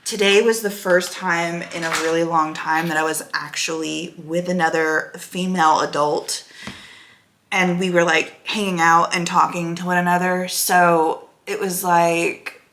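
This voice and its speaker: A woman's voice: lowish voice, level tone, unhurried, a bit bright, a little hiss or hum. A woman, chatting casually to her phone camera in a rambling way, full of "like" and "right?". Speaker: vlogger.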